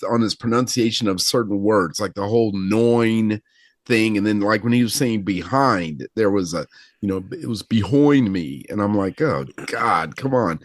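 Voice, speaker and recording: A man's voice: medium pitch, no room sound, studio quality. A man co-hosting a podcast, chatting casually and reacting readily to his partner. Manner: lively, agreeable, quick to react. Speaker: podcast co-host. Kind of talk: casual chat.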